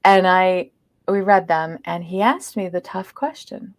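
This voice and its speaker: Gravelly low-voiced woman telling a story. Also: unhurried, no echo, clean studio sound. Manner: earnest, swings between loud emphasis and hushed asides. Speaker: podcast guest. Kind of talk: personal storytelling.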